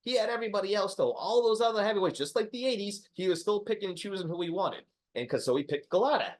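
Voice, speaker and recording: Podcast co-host, man, slightly high voice, profane and animated storyteller. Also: fast talker. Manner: lively, profane storytelling with laughs. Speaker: podcast co-host, boxing historian. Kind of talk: casual podcast chat.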